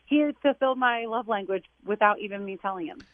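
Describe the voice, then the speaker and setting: A woman calling in to a radio show, telling a story with excitement and animation. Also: medium pitch, fast talker. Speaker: caller. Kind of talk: phone-in chat. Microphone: telephone. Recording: tinny phone line.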